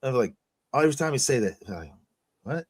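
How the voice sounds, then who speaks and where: A man's voice: mid-range voice, big pitch swings, racing, husky. A man hosting a casual livestream chat, swearing freely and laughing through his stories. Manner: profane, laughing storyteller. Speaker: streamer host.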